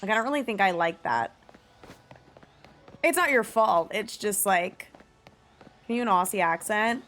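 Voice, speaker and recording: A woman's voice: medium pitch, animated, a little slow, long pauses, fairly bright tone. A young woman streamer in casual live-stream chat, musing aloud and reading search results. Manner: chatty and musing, reads search results aloud with frequent laughs.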